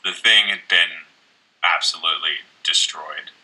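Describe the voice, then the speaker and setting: A man's voice: sits low, measured pace, sharp tone, full character voice, rough recording. An actor playing a young man on a date, telling a rambling, profane story about his wrecked room. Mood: rueful. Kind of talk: conversational web-series acting.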